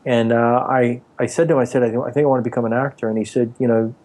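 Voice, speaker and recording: Guy in his 40s rambling through old acting stories in an interview, does the voices of people he quotes, mid-pitched voice. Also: flat delivery, fast, darkish tone. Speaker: actor and author, interview guest. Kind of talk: casual interview storytelling.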